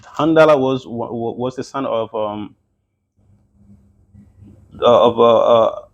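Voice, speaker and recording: A man's voice: mid-range voice, slow pace, lo-fi sound. A man giving an informal religious history lesson, talking conversationally with many fillers and restarts. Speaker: religious teacher.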